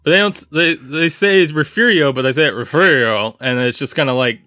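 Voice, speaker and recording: A man talking as a guest reporter on a sports podcast, giving measured analysis with frequent ums and uhs. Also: a little high, pushed and bright, no room sound, studio quality. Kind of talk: casual sports chat.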